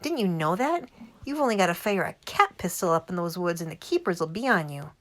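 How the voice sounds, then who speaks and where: Woman reads an eager middle-aged dad spinning a yarn; lowish, animated storybook voice. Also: a little fast, natural voice. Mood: confiding. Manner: lively, relishing the tale. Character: cheerful storytelling father, middle-aged man.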